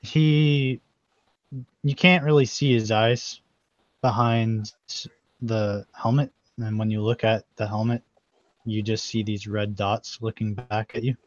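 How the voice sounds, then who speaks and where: A man's voice: fairly low pitch, fairly even intonation, slow pace, no echo, highs cut off. A man narrating as game master of an online tabletop game, in a loose, rambling way.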